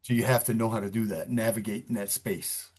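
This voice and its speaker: A man's voice: on the low side, fairly even intonation, fairly quick, darkish tone. A middle-aged police chief from New York, talking earnestly in an interview and often repeating words as he gathers his thoughts. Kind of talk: interview conversation.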